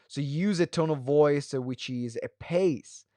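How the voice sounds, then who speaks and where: Higher-voiced fast-talking male coach. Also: dark tone, dry recording, studio quality. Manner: fast talker who varies pace and pitch; frequent fillers and restarts. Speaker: speaking coach. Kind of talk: live webinar teaching.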